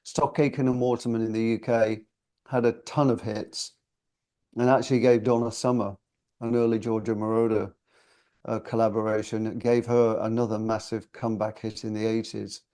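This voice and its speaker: A man in his sixties from the UK, chatting as an interview guest in a loose, storytelling way. His voice is warm and dark, with a gravelly fry running through it. He comes across as reflective and gently self-deprecating. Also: on the low side, little pitch movement, normal speed. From United Kingdom. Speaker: singer and guest.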